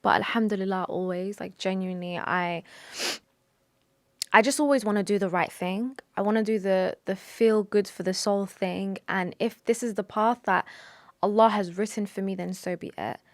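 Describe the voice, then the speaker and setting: A woman's voice: mid-range voice, fairly even intonation, moderate pace, no echo. A young woman talking to camera about her faith, earnest and emotional, with sighs, restarts and Arabic religious phrases mixed in. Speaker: vlogger. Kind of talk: personal confessional talk to camera.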